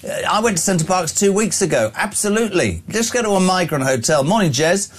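A man in his sixties hosting a talk radio show, reading out listener messages in a playful, animated, teasing way. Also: high voice, a little fast, husky. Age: 60s.

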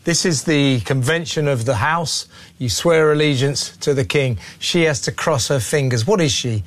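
A man's voice: mid-range voice, normal speed, no echo. A male talk show host, mocking and incredulous, with frequent fillers. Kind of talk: opinionated broadcast talk.

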